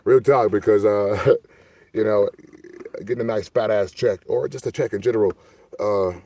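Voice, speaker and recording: A man from Milwaukee, a streamer, telling stories in a loose, animated, profane way. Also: lowish voice, normal speed, dry recording. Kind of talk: casual storytelling monologue.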